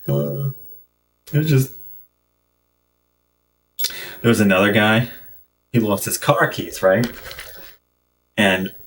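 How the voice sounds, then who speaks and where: Male game streamer, lower voice, distant mic, meandering storyteller. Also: slow, gravelly, long pauses, fairly bright tone. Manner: rambling anecdotes, many fillers and restarts. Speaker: gaming streamer. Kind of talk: casual storytelling while playing.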